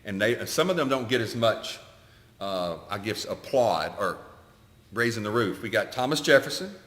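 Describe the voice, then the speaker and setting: A man's voice: lowish voice, animated, moderate pace, a bit bright. A man co-hosting a podcast, a coach talking in casual, opinionated chat. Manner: opinionated, preachy. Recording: echoey room with long reverb.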